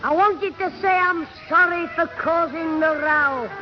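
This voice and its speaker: A man playing a schoolboy who puts on a gruff, blunt old grandad voice in a 1960s radio comedy. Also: extremely high pitch, measured pace, music in the background. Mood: scheming. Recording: dull lo-fi 1960s radio recording.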